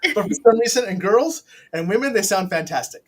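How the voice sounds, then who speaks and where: A man's voice: sits high, lively intonation, quick pace. Rambling, teasing man hosting a chat show. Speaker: host. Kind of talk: casual interview chat.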